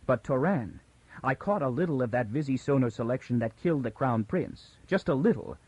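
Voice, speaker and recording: A man voicing a frightened young woman who reasons tensely through her fear, pitched above his own voice. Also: expressive, brisk, darkish tone, slightly rough, dull audio. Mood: uneasy.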